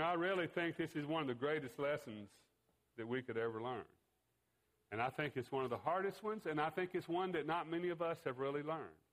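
A man delivers a sermon. He tells a fishing tale with pauses and a few fillers, then draws a lesson from it. His voice sits at an ordinary pitch for a man. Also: low-quality recording. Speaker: preacher.

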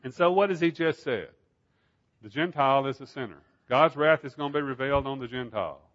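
A man's voice: mid-range voice, fairly quick, a bit bright, highs cut off. A man preaching a Bible study sermon in an emphatic style, asking rhetorical questions.

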